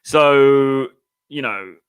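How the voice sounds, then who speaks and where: A man's voice: medium pitch, extremely slow, clean tone. Chatty man giving dating advice. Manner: chatty, lots of "um" and "you know, okay?". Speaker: dating coach. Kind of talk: casual advice talk to camera.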